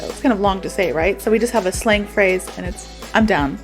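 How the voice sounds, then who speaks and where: A woman's voice: medium pitch, quick pace, few pauses, faint music behind. A young woman teaching English in a casual, chatty video lesson, self-aware and full of "so" and "like". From United States. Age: young adult.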